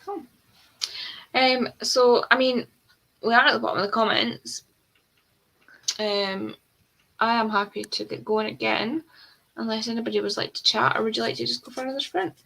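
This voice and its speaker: A woman's voice: fairly high pitch, normal speed, vocal fry, long pauses, pushed and bright, poor audio. A young adult woman hosting a livestream in casual chat, rambling with frequent ums and the odd swear word. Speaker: livestream host of reading sprints.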